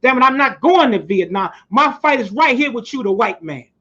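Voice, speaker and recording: A man's voice: very high voice, expressive, normal speed, pushed and bright, husky, heavily acted. A man impersonating a boastful, defiant heavyweight boxer who taunts with rhyming brags. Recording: muffled lo-fi recording.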